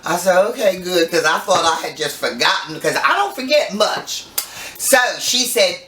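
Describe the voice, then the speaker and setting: An older woman leads a home cooking lesson with a bright, lively voice that swoops up and down as she jokes and tells family stories. She sounds a little away from the mic, in a roomy kitchen with an echo. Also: fairly low pitch, normal speed, far from the mic, slight background noise. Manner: playful, folksy, chatty storyteller. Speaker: cooking show host. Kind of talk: casual cooking demonstration.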